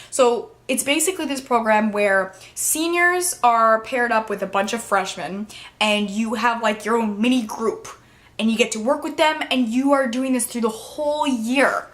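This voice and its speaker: A woman's voice: on the high side, moderate pace, a bit bright. A teenage girl talking to camera in a casual vlog, bubbly and chatty, full of filler words and sometimes close to tears. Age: teens. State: emotional, near tears at times. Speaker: vlogger.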